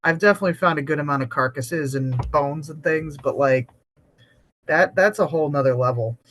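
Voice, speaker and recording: A woman's voice: low-pitched, fairly quick, slight background noise. A woman from New England co-hosting a podcast, chatting casually, joking and laughing, and reading a post aloud. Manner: giggly, joking, swears casually. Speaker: podcast co-host.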